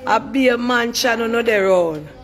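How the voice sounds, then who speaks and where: A woman's voice: fairly high pitch, a little slow. A Jamaican woman hosting an emotional live chat, fighting tears and praising God as she talks to her viewers. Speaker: live-stream host. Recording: long reverb, loud crowd behind.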